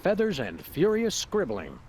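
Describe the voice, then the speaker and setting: An actor voicing a laid-back male dog detective who speaks calmly and matter-of-factly. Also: high voice, measured pace, slight background noise, exaggerated voice. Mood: dry.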